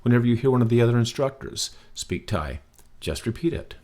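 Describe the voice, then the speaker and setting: A man's voice: medium pitch, lively intonation, a little fast, darkish tone. A man teaching a recorded beginner language lesson, patient and encouraging, checking in with "okay?" as he explains.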